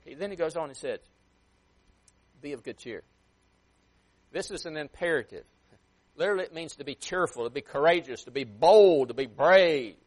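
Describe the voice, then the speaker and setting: A man preaching a sermon with emphatic swings in loudness and pace, sometimes acting out a parent scolding a child. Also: a little high, fairly quick. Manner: emphatic, rising and dropping sharply for effect.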